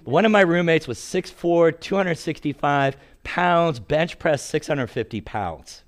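A man's voice: fairly high pitch, expressive, unhurried. A man in his sixties preaching a sermon in a storytelling way, acting out quotes and laughing at his own stories.

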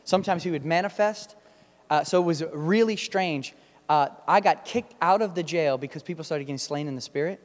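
Preacher, male, high voice, emphatic storyteller, long hall reverb. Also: a little fast. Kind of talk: sermon with storytelling.

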